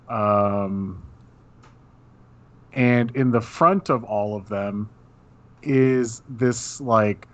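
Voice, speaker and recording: A man's voice: medium pitch, a bit bright, muffled recording. A man narrating as game master, describing scenes in a loose way full of fillers.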